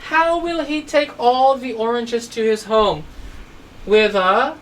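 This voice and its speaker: A woman's voice: fairly high pitch, takes it slowly, distant mic, slight background noise, poor audio. A woman teaching a child English phonics, telling a story and asking patient questions. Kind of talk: online phonics lesson for a child.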